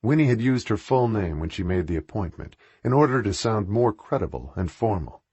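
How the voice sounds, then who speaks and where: Husky male audiobook narrator, low and animated, dry close sound. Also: brisk, dry recording, dull audio.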